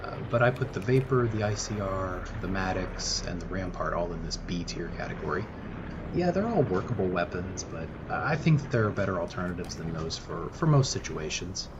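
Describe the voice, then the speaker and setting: Low-voiced male gaming creator, laid-back voice-over commentary, faint hiss behind. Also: normal speed, lo-fi sound. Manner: relaxed, thinking aloud with frequent "uh" and restarts. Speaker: gaming YouTuber. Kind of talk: gameplay commentary.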